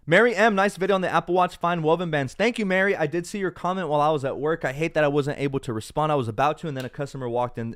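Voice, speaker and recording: A man's voice: mid-range voice, smooth, dry recording. Young male live-stream host, unwell but upbeat, casual chat, dry close sound. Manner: chatty, upbeat, mixes in Spanish. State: feeling unwell. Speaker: tech YouTuber hosting a live stream.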